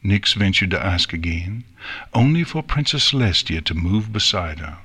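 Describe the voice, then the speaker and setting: Male audiobook narrator, smooth storyteller, bright, husky tone, lively pitch. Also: normal speed. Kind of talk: audiobook reading.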